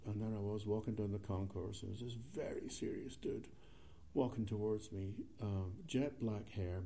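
A man's voice: lowish voice, warm tone. A man with a Scottish accent, a guitarist telling a wry, self-deprecating story between tunes. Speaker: guitarist guest.

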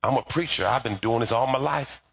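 A man voicing a preacher in a joke who rapidly protests that he is not jealous of another man's reward. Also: medium pitch, vocal fry, a bit bright, slightly rough. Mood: aggrieved. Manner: aggrieved, quick protesting. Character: indignant male preacher, insists he is not jealous.

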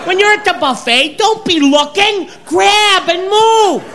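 A man doing a stand-up comedy routine on stage, ranting loudly and exasperated. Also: very high voice, animated, a little slow. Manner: loud, ranting, exasperated delivery. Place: comedy club stage with audience. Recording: live club recording with crowd and noise.

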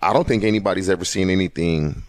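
A man hosting a sports talk show, hyped and drawn-out, calling everyone to get into it. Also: deep voice, dry recording. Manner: hyped, drawn-out, hypes the show with repeated calls. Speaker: podcast host.

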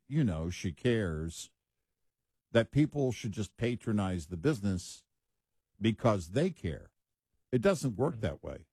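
A man gives opinionated commentary as co-host, speaking slowly and with emphasis. His voice is husky, and his pitch moves up and down a lot. The mic is close and dry. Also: very animated, warm tone, dry recording. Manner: slow, emphatic, opinionated remarks. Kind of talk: casual political commentary.

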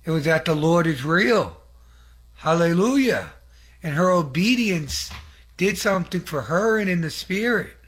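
A man's voice: on the high side, expressive, a little slow, fairly bright tone, husky. A man giving an earnest, conversational testimony sermon, rambling with fillers and restarts and asking the audience to affirm him. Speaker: lay preacher giving testimony.

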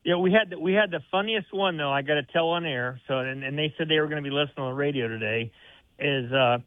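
Guy calling in on a tinny phone line, kinda high voice, chatty, laughs while he tells stories. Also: fast talker, no echo. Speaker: caller on a radio show. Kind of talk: casual storytelling on a phone call.

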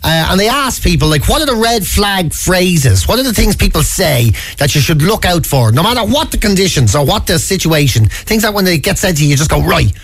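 A man's voice: high voice, brisk, hardly any pauses, husky, faint music behind. A man co-hosting a radio show in casual banter, slipping into mocking impressions. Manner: animated, slips into mocking impressions. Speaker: radio co-host.

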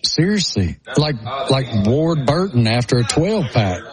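A man's voice: medium pitch, big pitch swings, a little slow, crowd noise. A man with a thick rural Appalachian accent, co-hosting a sports radio show remotely, joking at his own expense. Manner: self-mocking, joking storyteller. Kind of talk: casual sports radio banter. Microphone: remote satellite internet link.

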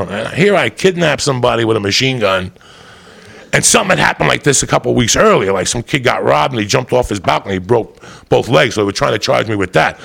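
A man's voice: mid-range voice, gravelly, a bit bright. A man telling a rowdy comic story with heavy swearing and bursts of laughter. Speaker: comedian storyteller. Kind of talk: profane comic storytelling monologue.

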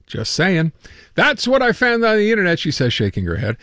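A man's voice: high voice, wildly swooping pitch, a little fast, bright, forceful tone, dry recording, clean studio sound. A man hosting a radio show, chatting casually and playfully. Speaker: radio host.

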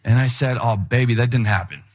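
A middle-aged man preaching a sermon in an animated, conversational way, with playful impressions of people. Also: medium pitch, fairly quick. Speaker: pastor.

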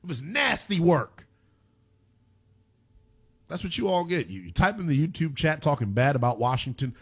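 A man's voice: a little high, sing-song, moderate pace, slightly rough. A man hosting a sports talk radio show, ranting in a brash, mocking, hyperbolic way and taking listener comments.

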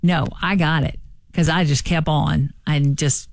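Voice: mid-range voice, steady tone, measured pace, creaky, no room sound, studio quality. A radio co-host chatting easygoing on a morning show. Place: radio studio.

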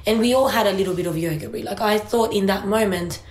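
A woman's voice: mid-range voice, fast talker, reverberant, a little hiss or hum. A woman co-hosting a casual parenting chat, telling an anecdote about her children with light laughs. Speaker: co-host, parent of young children.

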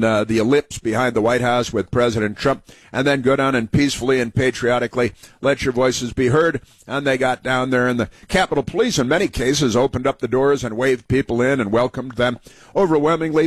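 A man's voice: mid-range voice, no room sound. A man hosting a political talk radio show, rambling with many fillers and restarts.

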